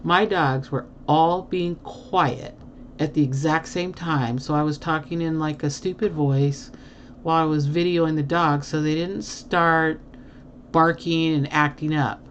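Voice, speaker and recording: A low-pitched woman hosts a casual livestream, answering viewer comments in a rambling, teasing way with plenty of fillers and laughter. The audio is muffled and lo-fi, with a faint hiss underneath. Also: steady tone, a little slow. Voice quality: chatty, rambling with many fillers. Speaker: livestream host.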